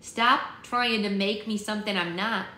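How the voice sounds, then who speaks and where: A woman's voice: mid-range voice, measured pace, pushed and bright, a little hiss or hum. A woman voicing a stubborn, rebellious young witch girl who talks bluntly and sulkily, read aloud in an echoey room. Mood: defiant. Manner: blunt, sulky, defiant.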